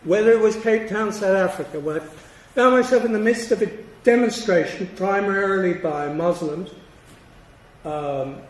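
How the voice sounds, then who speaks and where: A man in his sixties giving an academic lecture, measured and emphatic, with deliberate pauses between phrases. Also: high voice. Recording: roomy, distant hall sound with faint noise.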